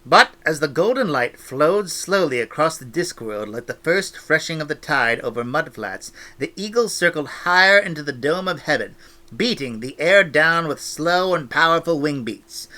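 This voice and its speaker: Bright-voiced man reading a story. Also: on the high side, normal speed. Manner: expressive, animated storytelling. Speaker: audiobook reader. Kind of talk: reading a novel aloud with asides.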